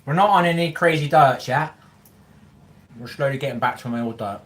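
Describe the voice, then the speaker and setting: A man chatting casually on a live stream while eating, colloquial and quick to laugh. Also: medium pitch, fairly bright tone. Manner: chatty, laughs often, mouth full at times; colloquial, swears freely.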